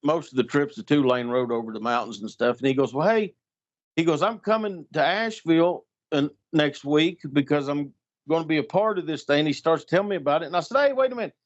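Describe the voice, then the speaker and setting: Fairly high in pitch and fairly quick, a middle-aged man tells a story as a guest in casual talk, lively and imitating each person's voice. It was captured with dull, lo-fi sound.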